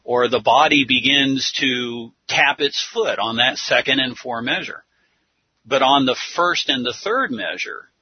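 A man teaches methodically in a slow, unhurried delivery and counts out his points step by step. His voice is husky, and the dry, dull lo-fi recording has no room echo. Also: mid-range voice. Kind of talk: religious teaching talk. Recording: dull lo-fi sound.

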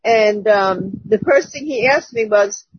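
A woman's voice: mid-range voice, slow, slightly rough, dry recording. A woman casually telling a personal testimony to her church group, chatty and laughing between phrases, over a dull lo-fi call. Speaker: church member giving a testimony.

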